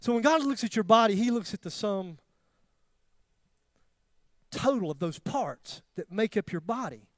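High-voiced man preaching with swinging intensity. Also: measured pace, pauses often, no echo, clean studio sound. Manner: animated, swings from loud emphatic questions to near-whispered tenderness; self-deprecating humor. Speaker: pastor. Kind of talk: sermon.

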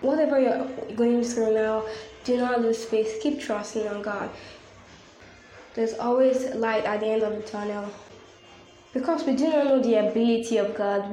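A woman's voice: mid-range voice, steady tone, moderate pace, warm tone. A woman hosting a devotional podcast, speaking earnestly and repeating her points like a preacher. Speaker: podcast host. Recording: echoey room with faint ambient noise.

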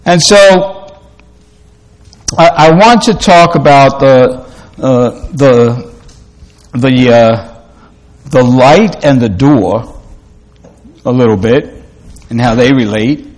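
A man preaching a sermon in a slow, halting way, with many fillers and restarts. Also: mid-range voice. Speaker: pastor.

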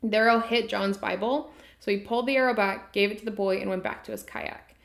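A woman's voice: mid-range voice, steady tone, fairly quick, creaky. A woman podcast host from the United States, telling a story in a casual, irreverent way with offhand swearing.

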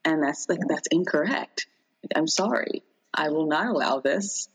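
A woman in casual chat, telling a long dream in a rambling, animated way with many fillers. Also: low voice, normal speed, husky, poor audio.

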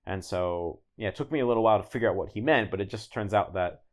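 A man's voice: on the low side, quick pace. A man talking casually as a podcast guest, explaining at length with lots of fillers and restarts. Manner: relaxed, rambling, many "like"s and restarts. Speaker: guest, language learner.

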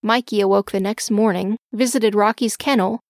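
A woman narrating a children's storybook in a gentle, expressive way. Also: mid-range voice, normal speed, dry recording, clean studio sound.

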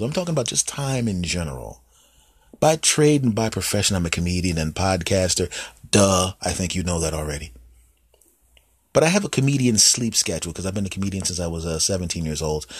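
A male comedian talking alone into a close podcast mic, husky and lower-pitched. He jumps in and out of silly put-on voices. The room sounds dry, with no echo. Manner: animated, acts out voices and bits. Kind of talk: solo comedy podcast monologue.

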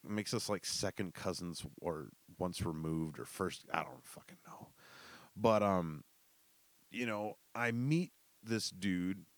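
Low-voiced man telling rambling stories. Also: dry recording. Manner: rambling and profane, laughing, with quick bursts and shouted quotes. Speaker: storyteller. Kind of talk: casual storytelling.

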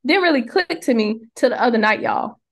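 A young woman with a somewhat high voice co-hosts a casual faith podcast. She tells a personal story with lively energy. She acts out the people she quotes. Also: fairly quick. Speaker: podcast co-host.

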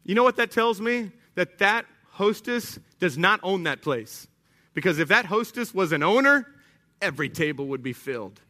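Animated, bright-voiced male preacher. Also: high voice, moderate pace. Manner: animated preaching, rising to shouts, with acted asides. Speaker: pastor. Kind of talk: sermon. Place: church sanctuary.

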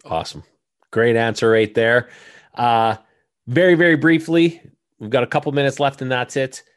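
A man's voice: medium pitch, moderate pace. Upbeat male interview host. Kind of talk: casual interview.

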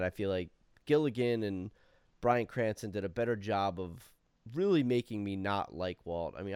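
Opinionated man with a smooth, low voice. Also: dry recording, studio quality. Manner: opinionated and animated, swears freely. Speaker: podcast co-host. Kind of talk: casual chat discussing a TV show.

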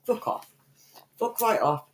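A young woman, co-hosting a podcast in casual banter, brash and playful, swearing constantly and trading insults in slangy street talk. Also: takes it slowly. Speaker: podcast co-host.

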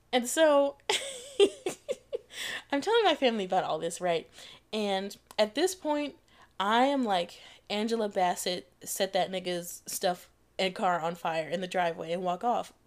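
Animated, profane young woman podcaster. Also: on the high side. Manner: animated, profane, laughs often mid-sentence. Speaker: podcast host. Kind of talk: casual storytelling monologue.

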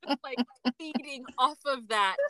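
A woman's voice: high-pitched, measured pace, sharp tone, no room sound. A woman hosting a podcast, asking her guest questions in an encouraging, friendly way. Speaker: podcast host. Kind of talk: casual interview chat.

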